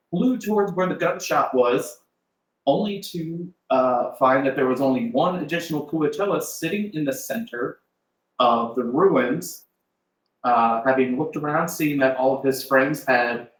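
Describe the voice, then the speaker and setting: A man running a tabletop game, recapping the last session in a loose, rambling way with many hesitations and little chuckles. His voice sits at an ordinary middle pitch. The sound carries a roomy echo from the shared space around the table. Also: fairly bright tone. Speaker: game master. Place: shared room with players at a live-streamed table. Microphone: desk mic with in-ear monitor.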